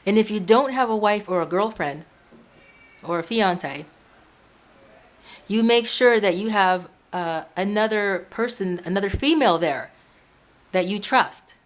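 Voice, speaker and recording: A woman's voice: mid-range voice, measured pace, long pauses. A woman from Ecuador talking casually to her viewers from home, giving advice in a rambling way with many restarts and repeated words. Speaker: Christian video blogger.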